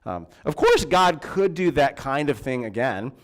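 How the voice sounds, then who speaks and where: A man's voice: medium pitch, big pitch swings, a little slow. A man preaching a sermon in a church, in a conversational way with fillers and restarts. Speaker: pastor.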